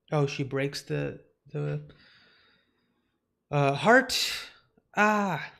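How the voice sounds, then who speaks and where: A man reading a comic book aloud on a live stream in a fairly high voice. He narrates plainly and drops in casual asides. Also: very slow, gravelly, pauses often, sharp tone.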